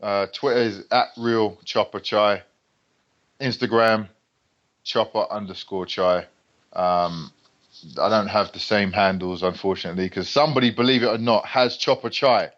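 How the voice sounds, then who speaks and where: A man's voice: on the low side, moderate pace, lo-fi sound. A man with a British accent, a guest on a podcast, telling stories in casual chat and acting out the people he quotes. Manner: relaxed storytelling, acts out quoted people.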